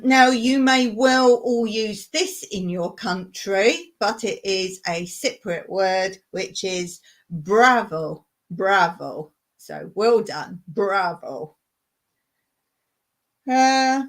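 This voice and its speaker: A woman hosting a casual home livestream, chatting and patiently explaining things while repeating words. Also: fairly low pitch. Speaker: livestream host. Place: home in rural Cyprus.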